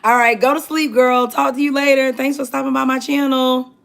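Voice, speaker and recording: A woman's voice: high voice, level tone, a little fast, vocal fry. A woman hosting a livestream, chatting casually with viewers and reading out their comments in a chatty, emphatic way. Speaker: livestream host.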